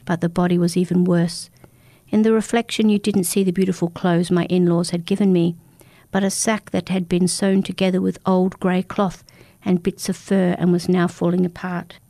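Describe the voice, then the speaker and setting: Woman storyteller, first-person folktale, warm dark voice, dry close mic. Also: lowish voice, normal speed, dry recording. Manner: steady, dramatic storytelling. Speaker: narrator.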